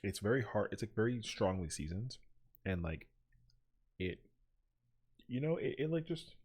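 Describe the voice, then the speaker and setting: A man's voice: lowish voice, sing-song, moderate pace, darkish tone, husky. A young man streaming a game, chatting casually and rambling with lots of "like" fillers. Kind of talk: casual chat while gaming.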